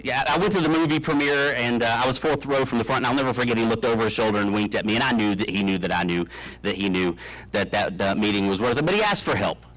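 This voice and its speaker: A man in his thirties giving a humorous commencement speech, telling deadpan tall tales with many ums and uhs. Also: mid-range voice, fast talker, rough recording. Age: 30s. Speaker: commencement speaker. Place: graduation ceremony, speaking to an audience.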